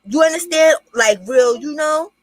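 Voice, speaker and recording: A woman's voice: high-pitched, a little slow, no echo. Chatty profane woman livestreaming from home. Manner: profane, chatty, addresses viewers as y'all. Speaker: livestream host. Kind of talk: casual commentary livestream. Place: at home with her young child nearby.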